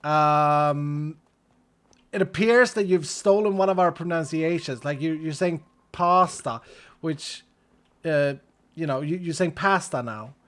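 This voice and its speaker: A man's voice: on the high side, slow pace, a bit bright. A man voicing a polite, fussy American woman, barely changing his own voice. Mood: politely complaining. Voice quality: mild put-on voice close to his own.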